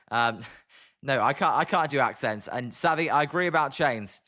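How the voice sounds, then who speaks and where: A British man commentating a baseball game on a live stream, calling pitches and chatting with viewers by name. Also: expressive, moderate pace, sharp tone. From Britain. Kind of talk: casual live play-by-play and chat reading.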